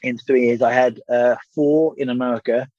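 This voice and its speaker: A man's voice: medium pitch, fairly even intonation, normal speed, darkish tone, dry recording, muffled recording. A man in his thirties, a former boxer telling a long story as a guest, candid and swearing freely, with rambling restarts. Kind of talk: casual storytelling interview.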